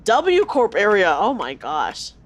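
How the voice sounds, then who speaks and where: A woman's voice: mid-range voice, huge pitch swings, slow pace. A woman streaming a game, chatting with viewers and reading dialogue aloud. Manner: chatty, reacts aloud and reads lines in character.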